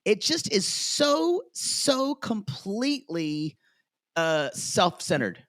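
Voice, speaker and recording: A man's voice: sits high, slow pace, dry recording. A man co-hosting a podcast, chatting casually about a reality show and acting out what the cast members said. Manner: animated, quotes cast members in put-on voices. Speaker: podcast co-host.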